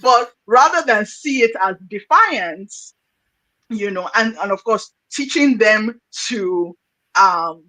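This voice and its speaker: A woman's voice: medium pitch, animated, slow, bright, forceful tone, low-quality recording. A woman hosting an interview, affirming her guest and thinking aloud with frequent restarts. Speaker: podcast host. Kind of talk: conversational interview.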